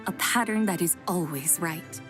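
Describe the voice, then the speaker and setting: A woman voicing a calm, cerebral young woman in a video game who works through number patterns aloud. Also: on the low side, natural voice. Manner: measured, precise, analytical. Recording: game audio with faint music.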